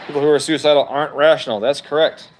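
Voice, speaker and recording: A man's voice: fairly high pitch, steady tone, fast talker. Profane, argumentative male streamer. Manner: profane, argumentative, talks back to comments. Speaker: livestream host reading chat. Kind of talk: heated casual livestream rant. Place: at home.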